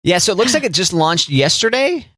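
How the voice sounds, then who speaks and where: A man's voice: high voice, big pitch swings, brisk, sharp tone, no echo, studio quality. A man hosting a podcast in casual chat, explaining things in an easygoing, wry way. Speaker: podcast host.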